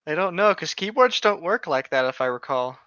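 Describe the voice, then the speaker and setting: Sarcastic young man, bright voice, lo-fi mic. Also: a little high, animated, no room sound. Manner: sarcastic, quick swearing jokes. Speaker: podcast co-host. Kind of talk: casual chat. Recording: dull lo-fi mic.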